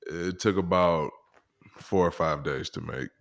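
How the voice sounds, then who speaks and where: A male musician with a fairly low voice, speaking bluntly and plainly. He slips in dry jokes and cuts straight past small talk. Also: a little slow. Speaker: musician guest. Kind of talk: casual interview chat.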